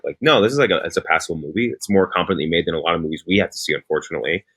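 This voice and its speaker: A man co-hosting a casual movie review chat, jokey and animated, talking in quick bursts. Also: low voice, slightly rough. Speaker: podcast co-host.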